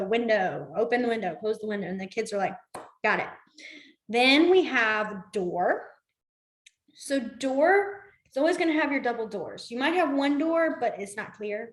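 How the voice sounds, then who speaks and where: A young woman with a slightly high voice runs an online beginner class from a room in her home. She talks in a loose, chatty way, wandering into side stories and going soft and low whenever she pauses to demonstrate. The sound carries a noticeable room echo from her computer mic. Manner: chatty, drifts into asides, trails off quietly while demonstrating signs. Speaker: sign language teacher. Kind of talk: casual online class instruction. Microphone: computer mic on a video call.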